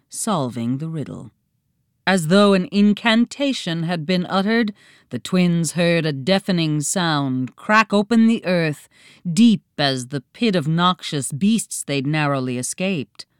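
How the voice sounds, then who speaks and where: A woman reading a storybook aloud in a slow, dramatic, expressive manner. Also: lowish voice, clear, resonant tone, no room sound, studio quality. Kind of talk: scripted storybook narration.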